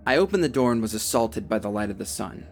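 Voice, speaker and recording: A young man narrating a first-person horror story, steady and tense, with a gravelly, fry-laden voice. Faint music drifts under the narration. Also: lowish voice, fast talker. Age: young adult.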